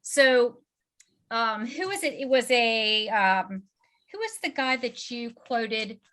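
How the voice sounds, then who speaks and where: A woman's voice: fairly high pitch, lively intonation, slow, fairly bright tone. A woman with a Southern US accent hosting a casual book club webinar, chatty and full of fillers. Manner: chatty, filler-heavy, laughing often. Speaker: host.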